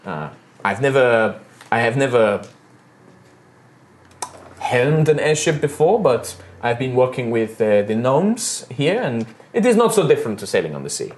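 A man's voice: medium pitch, big pitch swings, measured pace, a little hiss or hum, voice pushed down. A man playing a French-accented orc first mate. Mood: formal. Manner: formal, respectful, slightly hesitant.

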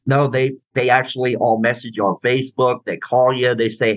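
The guest, a drummer for a tribute band, talks briskly with few pauses in a mid-range voice and flat delivery. He rambles at length through a casual interview, full of restarts and fillers, on a rough recording with no room sound.

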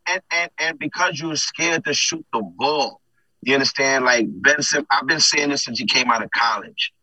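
A man's voice: medium pitch, normal speed, dry recording, rough recording. A man who announces streetball games, chatting animatedly on a podcast and often checking in with "you understand?". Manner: animated, re-enacts conversations in quoted voices. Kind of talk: casual podcast chat.

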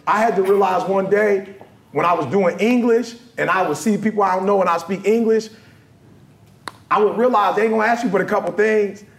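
A man giving a motivational talk to a live audience, animated and repeating "right?" and "you know what I'm saying" often. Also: high voice, brisk. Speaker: guest speaker.

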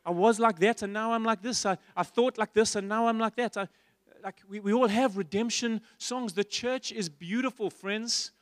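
A man's voice: high-pitched, normal speed, dry recording, clean studio sound. A man preaching a sermon in church, passionate and repetitive, asking his listeners rhetorical questions. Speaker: pastor.

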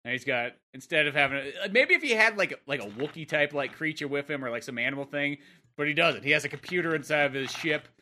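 A man's voice: fairly high pitch, expressive, fast, bright, forceful tone. A man chatting casually on a podcast about a film, rambling with many fillers. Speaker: podcast co-host. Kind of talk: casual film-review chat.

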